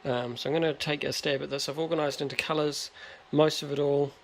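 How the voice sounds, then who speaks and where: A man's voice: fairly high pitch, fairly even intonation, a little fast. A man from New chatting in a laid-back, slightly hesitant way on a shop vlog. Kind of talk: casual chat. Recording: faint background noise.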